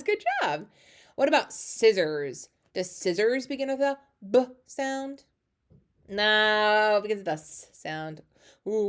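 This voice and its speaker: A woman teaching a phonics lesson to young children, warmly encouraging with lots of praise. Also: mid-range voice. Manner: encouraging, lively, sing-song praise.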